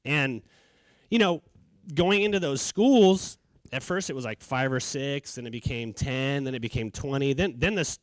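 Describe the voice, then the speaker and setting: A middle-aged man from California telling his story in a casual, animated way, acting out what people said. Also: medium pitch, normal speed, no echo. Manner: casual, animated, acts out quotes. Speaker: charity founder, speaker. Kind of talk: storytelling talk.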